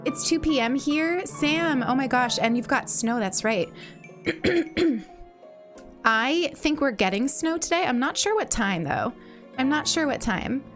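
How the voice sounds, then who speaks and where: A woman's voice: high voice, lively intonation, a little slow, soft background music. A woman hosting a livestream in casual chat. She greets viewers in a bubbly way, repeats her phrases and laughs often, and has a slight morning cough. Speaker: livestream host.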